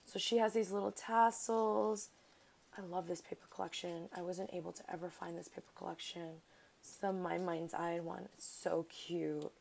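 Crafty lady at her desk opening happy mail, super gushy, kinda gravelly, takes her time. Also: on the low side, a little hiss or hum, rough recording. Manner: gushing, excitable, many thank-yous. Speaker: craft vlogger. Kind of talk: casual unboxing chat.

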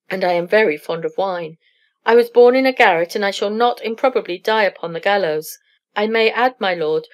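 A roguish young male poet, quick to boast and quick to squirm, speaking up a shade higher and louder, as a woman storyteller reads his part. It is a plain read-aloud voice rather than a deep character voice. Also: natural voice. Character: rakish male poet rogue, nervous.

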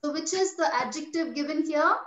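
A woman's voice: high voice, brisk. A woman teacher giving a grammar lesson to a class, patiently repeating each instruction and spelling words out letter by letter. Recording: echoey, dull recording with loud background noise.

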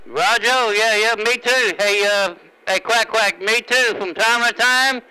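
Bright high-voiced man on CB radio. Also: a little slow, smooth, rough recording. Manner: easygoing, signs off with "Tempo". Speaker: CB radio operator. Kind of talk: CB radio chat. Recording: radio transmission.

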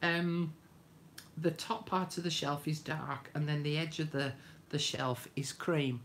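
A woman's voice: low voice, steady tone, unhurried, slight background noise. A woman hosting a live craft demonstration, chatting homely and greeting viewers by name. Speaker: craft tutorial host.

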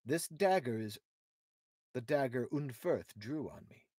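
A man reading aloud as a calm, shrewd young warrior hero who speaks in a measured, reasoning way. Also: medium pitch, slightly rough, no echo, studio quality. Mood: steady.

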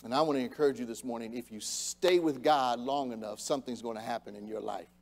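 A male pastor preaching a sermon in church, swinging between quiet reflection and loud, fired-up exhortation. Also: mid-range voice, fast. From United States. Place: church sanctuary.

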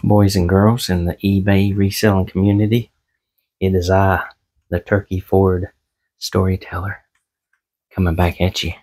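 A man's voice: low voice, flat delivery, a little slow, pauses often, darkish tone. A man vlogging from his small home office, chatting casually and telling corny jokes in a folksy, self-deprecating way. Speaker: eBay reseller and vlogger.

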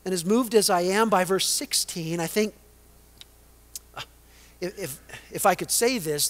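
A male pastor preaching a sermon, swinging between loud emphasis and hushed, dramatic lines. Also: high voice.

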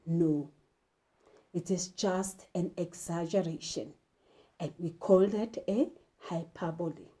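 This South African woman teaches an English literature lesson in a lowish, mellow voice, speaking slowly with long pauses. She stays emphatic, posing rhetorical questions to the class.

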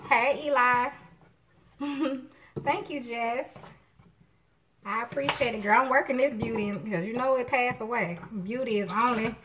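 A woman's voice: a little high, unhurried, pauses often, noisy background. A middle-aged woman, hosting a live cooking stream from her home kitchen, chatting with viewers and greeting them by name. Her voice has an unusual sound that people often remark on. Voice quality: distinctive voice others call unusual. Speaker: cooking show host.

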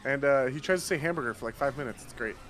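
Man, American accent, teasing, quick talker, raised pitch, crowd chatter in background. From United States. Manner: joking, teasing, rapid chatter. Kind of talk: casual chat while gaming.

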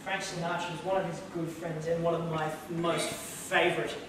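A man's voice: on the high side, little pitch movement, normal speed. A man chatting loosely between impressions on stage at a community hall, admitting he is unprepared. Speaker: impressionist performer. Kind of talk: live stand-up impressions show. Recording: echoey hall from far off, noisy.

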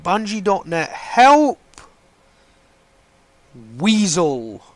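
A man rants through a live game stream, cursing and exasperated. His voice sits high and leaps wildly up and down. The sound is dry and close. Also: sing-song, extremely slow, dry recording. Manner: ranting, swearing, exasperated outbursts.

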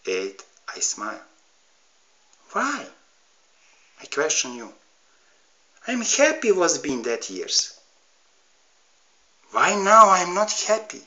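A middle-aged man from Serbia with a Serbian accent, ranting to camera in halting, broken English, heated and pleading. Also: medium pitch, bright, forceful tone, rough recording. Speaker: vlogger. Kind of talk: emotional rant to camera.

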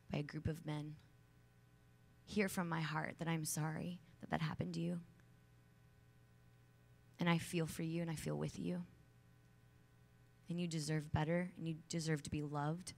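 Addressing a room of young women from a big conference stage, a woman in her thirties delivers a motivational talk. Her slightly low voice carries earnest emphasis, and her stories become chatty and casual, full of "like," fillers, and quick asides.

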